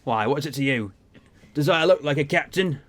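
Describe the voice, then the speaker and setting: A man reading the lines of a gruff old male sea captain who drinks alone, in a slow, heavy storytelling way. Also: a little high, lively intonation, natural voice.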